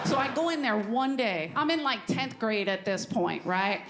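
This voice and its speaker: A woman's voice: fairly high pitch, expressive, moderate pace, hardly any pauses. A woman comedian doing a brash, sarcastic stand-up set on a club stage. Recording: echoey club with crowd noise.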